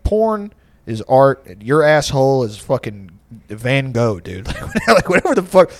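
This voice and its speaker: A young man in his late twenties tells a rambling story in casual chat, swearing freely and laughing often. His pitch leaps up and down with animated energy. The sound is dry and close, with no room around it. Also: a little slow, no room sound.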